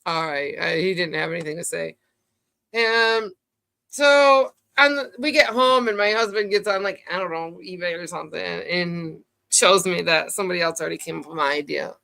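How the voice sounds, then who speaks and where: A woman's voice: on the low side, moderate pace, vocal fry, pushed and bright. A woman hosting a live stream in casual chat. She rambles loosely and swears freely.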